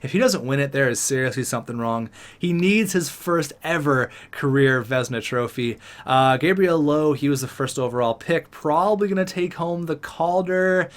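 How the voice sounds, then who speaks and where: A man giving casual, excitable commentary over a hockey video game, chatty and upbeat as he talks through the results. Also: a little high. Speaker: gaming YouTuber.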